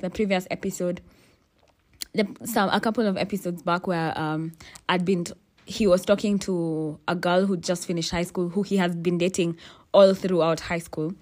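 Young woman podcast host, lowish voice, candid, cussing storyteller. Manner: ranting, profane, exasperated asides; frequent fillers and restarts.

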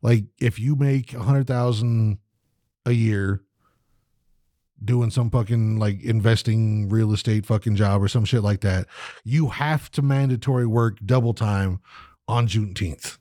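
A man's voice: lowish voice, steady tone, a little slow, mellow, no room sound, clean studio sound. A man co-hosting a podcast in a profane casual chat, ranting, swearing constantly and mimicking people. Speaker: podcast co-host.

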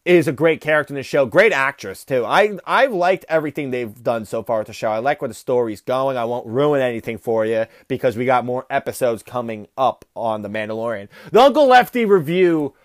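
A man's voice: mid-range voice, animated, a little fast, few pauses, dry recording, clean studio sound. A man hosting a podcast, ranting through a casual comedic review with a profane, rambling delivery. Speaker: podcast host.

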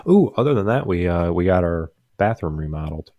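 Deep-voiced young man telling a rambling story. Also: sing-song, fairly quick, no room sound, muffled recording. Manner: rambling, amused, lots of fillers and restarts. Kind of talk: casual storytelling chat.

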